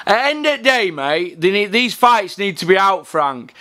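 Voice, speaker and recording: A man's voice: sits high, very animated, normal speed, sharp tone. A man hosting a podcast, delivering a blunt, profanity-laced rant about the sport. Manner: ranting, sweary, blunt. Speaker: podcast host.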